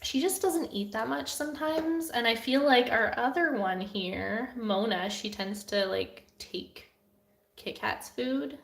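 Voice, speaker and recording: A woman's voice: a little high, takes it slowly, vocal fry, echoey room. A young woman, an artist hosting a live Q&A stream from home, chatting casually and giggling, with lots of "like" fillers. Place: at home with her cats. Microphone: camera on a desk.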